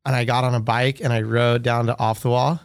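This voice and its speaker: Gravelly male host telling a story, dry sound. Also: mid-range voice, fairly quick, no echo. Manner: excited storytelling, lots of "like". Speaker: podcast host. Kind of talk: casual podcast conversation.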